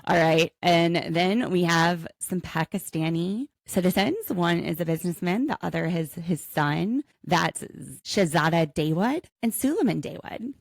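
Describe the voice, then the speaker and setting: Woman, lawyer co-host of a podcast; low, fry-tinged voice; casual and joking, dry recording. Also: lively intonation, no room sound. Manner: chatty and quick with quips, laughs often.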